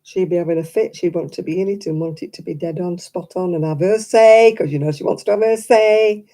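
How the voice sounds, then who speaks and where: A woman's voice: lowish voice, brisk, dark tone. A woman chatting casually to her live stream audience, rambling and self-deprecating.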